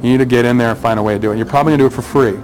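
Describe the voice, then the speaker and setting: A man's voice: medium pitch, steady tone, racing, darkish tone, slight background noise, low-quality recording. A man in a documentary interview giving blunt, direct advice. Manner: blunt, advising.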